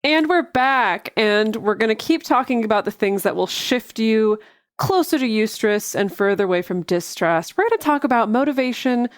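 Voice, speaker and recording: A woman's voice: fairly high pitch, lively intonation, normal speed, no echo, clean studio sound. A woman co-hosting a podcast, reading ads in a playful, teasing way. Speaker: podcast co-host. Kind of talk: casual podcast chat with ad reads.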